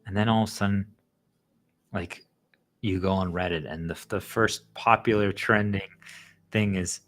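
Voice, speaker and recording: A man's voice: deep voice, a little slow. A man talking casually and animatedly to his viewers, rambling with lots of "like" fillers. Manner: rambling, heavy use of "like" fillers; animated, acts out quoted voices. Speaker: channel host.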